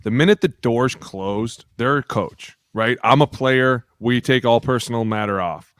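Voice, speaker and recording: A man of middle pitch talks in a loose, profane way on a podcast and tosses in laughing asides. The sound is close and dry, with no room around it. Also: unhurried, a bit bright, clear, resonant tone, no room sound. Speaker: podcast co-host, former NFL lineman. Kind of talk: casual chat.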